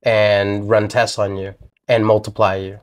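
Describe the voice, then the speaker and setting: A man's voice: lowish voice, level tone, measured pace. Blunt, profane young man co-host. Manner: blunt, profane, sarcastic arguing. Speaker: podcast co-host. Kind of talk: casual chat.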